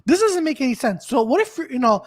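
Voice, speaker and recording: A man co-hosting a casual comedy podcast, loud and interrupting, repeating his words. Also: very high voice, very animated, quick pace, dry recording, clean studio sound. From Montreal area of Canada. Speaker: podcast co-host.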